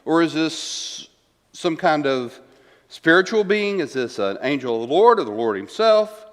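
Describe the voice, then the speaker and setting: A man's voice: fairly high pitch, sing-song, a little slow. A man teaching a Bible class in a church room. He retells scripture in a conversational way, repeats key lines and keeps asking "right?". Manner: conversational, asks rhetorical questions, tags lines with "right?"; paraphrases verses and repeats key lines for emphasis. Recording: reverberant church room, long echo.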